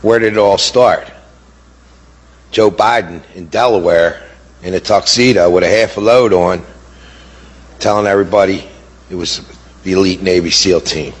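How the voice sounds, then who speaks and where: A man's voice: deep voice, normal speed, long pauses. A middle-aged man speaking as a bereaved father, giving impassioned testimony. He sounds indignant and repeats words for emphasis. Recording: long hall reverb.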